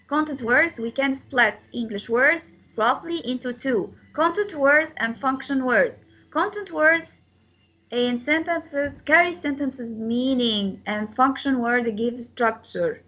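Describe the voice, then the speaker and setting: A woman's voice: high voice, sharp tone, muffled recording. A woman teaching an English class on word and sentence stress, repeating words and breaking them into syllables, with small grammar slips. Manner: non-native grammar slips.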